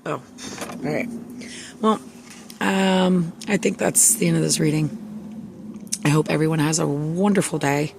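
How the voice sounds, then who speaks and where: A woman giving a casual spiritual tarot reading, soft-spoken and reassuring, with many fillers, sometimes reading passages aloud. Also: low-pitched, fairly even intonation, unhurried, creaky, long pauses, heavy background noise. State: emotional, near tears. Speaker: tarot reader.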